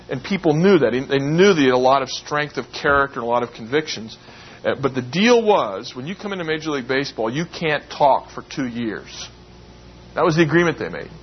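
A man delivers a sermon in a church, speaking conversationally at a medium pitch before climbing high for emphasis. The recording is slightly dull, with a faint hiss underneath. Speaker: preacher. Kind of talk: sermon with storytelling.

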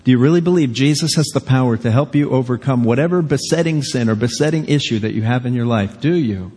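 A man's voice: medium pitch, fast talker, mellow, slightly rough. A male pastor delivering a sermon in an earnest, conversational way, often posing rhetorical questions to the congregation. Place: church sanctuary. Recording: long reverb of a large hall.

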